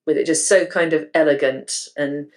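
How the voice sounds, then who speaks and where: Low-voiced enthusiastic woman podcaster. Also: fairly even intonation, moderate pace, a little mellow. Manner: chatty and enthusiastic, with filler words and laughs. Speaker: podcast co-host. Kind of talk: casual podcast discussion.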